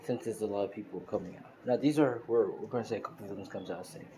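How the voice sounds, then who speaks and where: A man's voice: lowish voice, fast, crowd noise. Rambling man retelling a fan story. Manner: loose, filler-heavy retelling. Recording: noisy screen-recorded phone audio.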